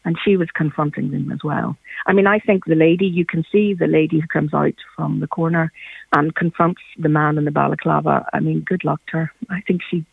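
A woman's voice: low-pitched, steady tone, a little fast, vocal fry, husky, no room sound. A Northern Irish woman calling in to a radio show, speaking passionately and with emphasis. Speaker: caller. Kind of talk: radio phone-in call. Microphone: phone. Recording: tinny phone line.

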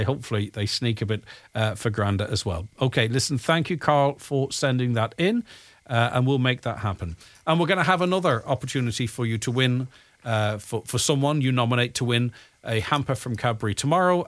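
This radio presenter speaks with a Donegal Irish accent in a medium-pitched voice, recorded without any echo. He keeps things conversational, reading listener messages aloud and leaning heavily on ums and uhs as he goes.

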